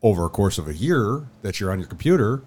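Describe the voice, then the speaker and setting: A man's voice: on the low side, very animated, fast, a little mellow, slight background noise. A man co-hosting a podcast, telling a story in casual chat and acting out the quotes. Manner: rambling storyteller, acts out quotes. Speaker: podcast co-host.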